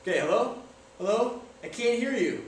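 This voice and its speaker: A man putting on a flustered phone caller who can't hear the other end, calling out again and again in a fairly high voice. The sound bounces around a very echoey room, picked up from a distance. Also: animated, moderate pace, slight background noise. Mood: confused.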